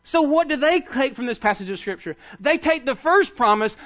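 A male pastor delivering a sermon in a church, urging his listeners to hear him. His voice sits very high and sounds bright and forceful. The recording is dull and lo-fi. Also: animated, moderate pace. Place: church sanctuary.

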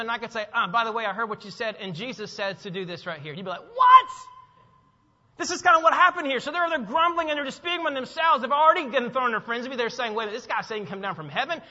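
A man's voice: very high voice, sharp tone, big-room sound, highs cut off. A man preaching a sermon to his congregation, acting out the voices of the people in the story and quizzing the crowd with questions. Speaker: pastor. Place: church sanctuary.

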